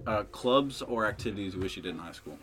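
Fast-talking young man telling a story. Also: fairly low pitch, expressive, music in the background. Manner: rambling, filler-heavy, profane. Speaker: podcast host. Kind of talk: casual storytelling.

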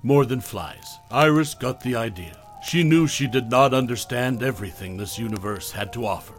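A man's voice: medium pitch, a little fast, faint music behind. Man narrating a horror tale. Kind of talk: scripted narration of a horror story.

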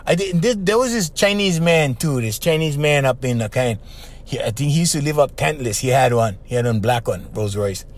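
An older man with a Hawaiian accent, hosting a podcast and telling a story in a slangy, animated way with lots of repeats. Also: mid-range voice, normal speed. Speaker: podcast host. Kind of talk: casual storytelling.

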